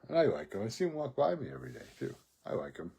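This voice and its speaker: A man's voice: fairly low pitch, huge pitch swings, very fast, vocal fry, mellow, slightly rough. A man telling a rambling personal story in a casual monologue, profane and laughing often. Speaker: vlogger.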